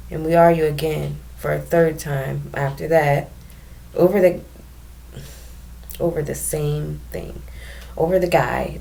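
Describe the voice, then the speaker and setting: A young woman telling a personal story to camera in a candid, emotional way, with frequent pauses and restarts. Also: low-pitched, creaky, darkish tone, slight background noise. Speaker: vlogger telling her own story.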